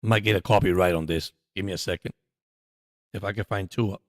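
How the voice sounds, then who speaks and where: A man hosts a live sports stream, rambling casually and calling plays as they happen. His voice sits fairly low, and it comes through dry and close. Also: fairly even intonation, no room sound. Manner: chatty, rambling, quick to laugh.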